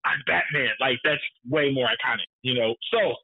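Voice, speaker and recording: A man's voice: medium pitch, moderate pace, creaky, husky. A man in casual film discussion, talking emphatically, repeating his points for effect and swearing freely. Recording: tinny phone-like sound.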